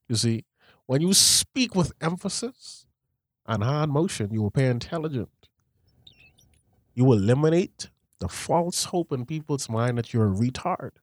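Pompous male podcast preacher, slow and emphatic, dry close sound, put on by a man. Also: medium pitch, dry recording. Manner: slow, emphatic, every last word stressed.

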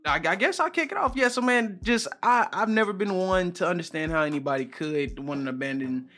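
A man's voice: high voice, expressive, fairly quick, sharp tone. A man in his thirties with a Southern US drawl, chatting casually as a podcast co-host in an easygoing, slangy way. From Southern United States. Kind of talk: casual chat.

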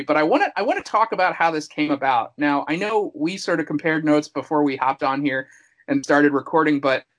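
Playful man hosting a podcast, higher voice. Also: fairly bright tone, rough recording. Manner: playful, showman-like, rambling with restarts. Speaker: podcast host. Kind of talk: casual podcast chat about a horror film.

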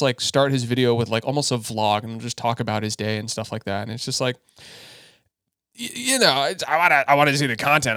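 A man's voice: mid-range voice, clean tone, dry recording, clean studio sound. A man co-hosting a casual podcast, rambling with many restarts and some swearing. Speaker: podcast co-host.

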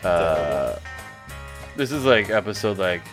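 A man's voice: deep voice, big pitch swings, takes it slowly, music in the background, exaggerated voice. A man voicing a dumb, laid-back surfer dude with a spacey, drawling way of talking. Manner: drawling, spacey, filler-heavy.

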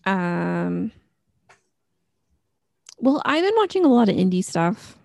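A woman's voice: medium pitch, big pitch swings, slow, gravelly, a little mellow, no echo, clean studio sound. A middle-aged woman co-hosting a podcast, chatting casually and rambling with lots of fillers. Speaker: podcast co-host. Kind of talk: casual chat.

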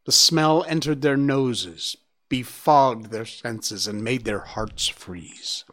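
Brief: a man narrating a storybook, slow and measured, dramatic with hushed moments. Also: mid-range voice. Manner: measured, dramatic, drops to a hush. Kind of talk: storybook reading.

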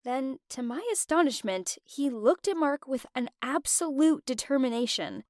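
A young woman narrates her own story in a high voice, full of feeling. The sound is dry and close, with no room echo. Her delivery swings with emotion. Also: expressive, normal speed, darkish tone. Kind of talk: first-person story narration.

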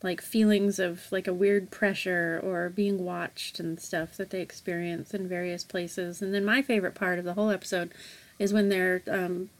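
A woman's voice: on the low side, flat delivery, moderate pace. A woman co-hosting a podcast in casual chat, talking loosely with many fillers and a playful tone. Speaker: podcast co-host.

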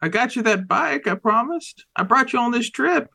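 A man's voice: high voice, big pitch swings, moderate pace, sharp tone, full character voice. A man playing a pleading frontier father. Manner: coaxing, frantic and folksy. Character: frontier father pleading with his armed young son.

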